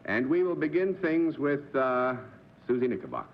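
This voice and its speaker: Male game-show host, courteous and formal, with a lively, lilting pitch, heard on a dull old TV recording with clear hiss. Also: normal speed. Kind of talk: hosting a live television panel game.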